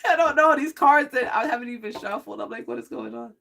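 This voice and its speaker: A psychic tarot reader giving a casual livestream reading, rambling and excitable, often laughing and swearing. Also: medium pitch, fairly quick, gravelly.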